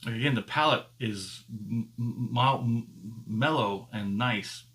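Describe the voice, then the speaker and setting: A man hosts a casual whiskey tasting video, speaking straight to his viewers. He thinks aloud as he goes, unhurried and easygoing. He often pauses and restarts while he hunts for the right word. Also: medium pitch, fairly bright tone. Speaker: whiskey reviewer and channel host. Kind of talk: casual tasting review to camera.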